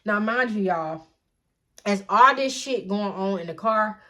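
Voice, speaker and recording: Speaking unhurriedly with lively intonation, a young adult woman shares a personal story with her viewers. Her medium-pitched voice is fairly bright, and as a storytime vlogger she's chatty and digressive, repeatedly addressing her audience and saying "y'all" constantly.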